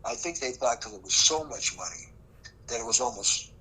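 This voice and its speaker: This older man, once a prosecutor, tells the story of a case during an interview, acting out quoted dialogue with emphasis. His mid-range voice is expressive, pushed and bright, at a moderate pace. The low-quality recording carries slight background noise.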